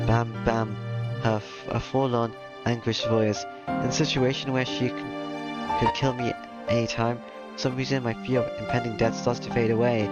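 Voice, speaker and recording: A man reading a visual novel aloud in steady first-person narration, over game music. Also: mid-range voice, normal speed. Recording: slightly dull lo-fi mic, game music behind.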